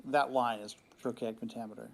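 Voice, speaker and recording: A man's voice: medium pitch, fairly even intonation, fairly quick, gravelly. A man in a casual live discussion, explaining his points and thinking aloud. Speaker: discussion co-host.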